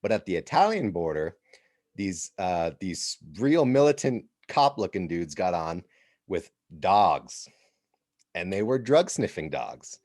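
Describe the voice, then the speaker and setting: An American man hosting a podcast, telling a travel story in an animated, casual way and laughing as he goes. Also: low voice, a little slow, no echo, clean studio sound. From United States. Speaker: podcast host.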